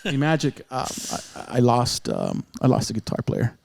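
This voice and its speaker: A man's voice: mid-range voice, moderate pace, creaky. A man telling a long story in casual podcast chat, acting out the voices of the people in it. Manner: animated, acts out other people's lines in the story. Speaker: podcast guest, radio veteran.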